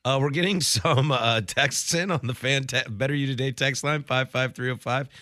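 A man's voice: medium pitch, moderate pace, pushed and bright, no echo, studio quality. A man co-hosting a radio show, joking easily and laughing at himself in casual banter. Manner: jokey, laughs easily, self-mocking.

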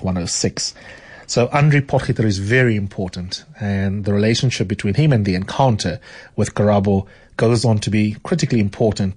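Husky-voiced male radio host. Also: lowish voice. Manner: relaxed, with frequent restarts. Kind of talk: radio book show, chat and reading aloud. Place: radio studio.

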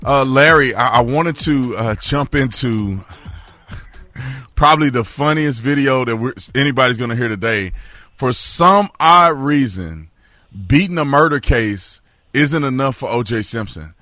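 A man hosting a political talk show, animated and laughing often as he talks with a guest. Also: medium pitch, a little slow, no echo, faint music behind. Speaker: host.

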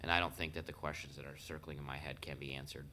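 A councilman speaks at a public meeting in a very deep voice. His delivery is conversational and loose, with fillers and restarted phrases. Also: level tone, fast talker, sharp tone, slight background noise. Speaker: city councilman.

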